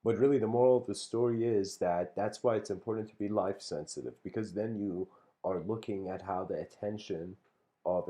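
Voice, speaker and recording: A man with a low, dark voice gives a talk, telling a story in a relaxed, meandering way full of fillers and restarts. He chuckles between phrases, and the talk is casual spoken storytelling and reflection.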